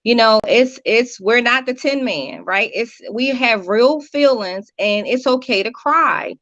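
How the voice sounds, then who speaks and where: A woman guest counselor talking earnestly in an interview, telling stories with lively repetitions. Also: fairly high pitch, unhurried, dry recording. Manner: earnest, animated storytelling with repetitions. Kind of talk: conversational interview talk. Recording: dry, dull lo-fi audio.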